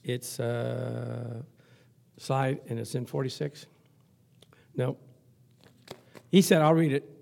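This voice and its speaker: A male pastor preaching a lively sermon, chuckling often and reading scripture aloud. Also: medium pitch, slow pace, creaky, pauses often.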